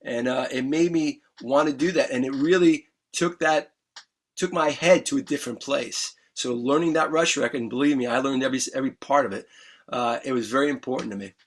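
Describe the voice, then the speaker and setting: Earnest, husky-voiced middle-aged man. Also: medium pitch, a little fast. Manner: earnest, emphatic, repeats key words. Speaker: guest musician. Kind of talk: candid interview storytelling. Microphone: remote interview mic.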